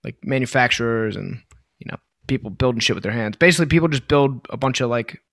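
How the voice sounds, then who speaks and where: A man co-hosting a podcast in loose, rambling casual chat full of fillers and swearing, his voice worn from yelling. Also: medium pitch, fast, creaky, dry recording, studio quality. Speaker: podcast co-host.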